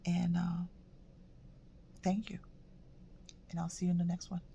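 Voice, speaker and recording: A woman giving a casual tarot reading, halting and reflective, often repeating words and dropping into soft whispers. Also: on the low side, level tone, gravelly, a little hiss or hum. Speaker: tarot reader.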